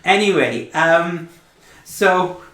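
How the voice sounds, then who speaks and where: A man doing a bright, rambling male elf, chirpy and a little lost in his own thoughts. The voice sits higher than a plain speaking voice and keeps lifting upward, recorded in a room with plenty of echo. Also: animated, drawn-out words, exaggerated voice. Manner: rambling, upbeat, rising pitch. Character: chatty cheerful male elf letter-writer. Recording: echoey room.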